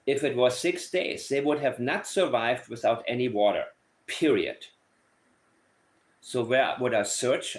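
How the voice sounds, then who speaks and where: A man giving casual commentary on a case. He is blunt and opinionated and thinks aloud as he goes. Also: medium pitch. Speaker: true crime commentator.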